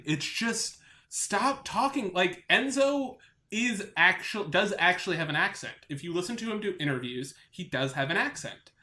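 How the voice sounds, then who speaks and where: A man's voice: sits high, pushed and bright, reverberant. A man from Long Island with a light New York accent, co-hosting a podcast in casual chat, rambling and enthusiastic with many restarts. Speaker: podcast co-host.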